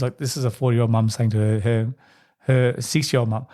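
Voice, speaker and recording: Man with a mellow voice. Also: level tone, normal speed. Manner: conversational, reflective, addresses listeners directly; acts out quoted voices in a higher pitch. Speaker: podcast host. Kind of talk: solo podcast monologue.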